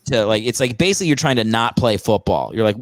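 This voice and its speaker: A man's voice: fairly low pitch, expressive, fast, dry recording. A man who is a comedian, a guest on a podcast, rambling sarcastically about football with lots of fillers. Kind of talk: casual podcast chat.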